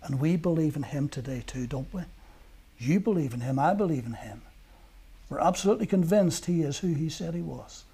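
A man preaching a sermon, telling stories earnestly and moving between emphatic peaks and hushed lines. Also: on the high side, lively intonation, a little fast, creaky, slightly rough.

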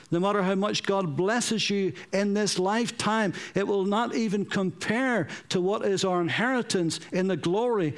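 A man preaching a sermon, earnest and pleading, repeating points for emphasis and telling anecdotes. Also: high voice.

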